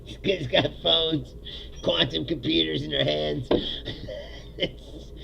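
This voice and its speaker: A man's voice: a little high, steady tone, slow pace, gravelly, bright, forceful tone, slight background noise, low-quality recording. A man hosting a casual solo livestream, sardonic and profane, laughing often at his own jokes. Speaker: livestream host. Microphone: streaming setup mic.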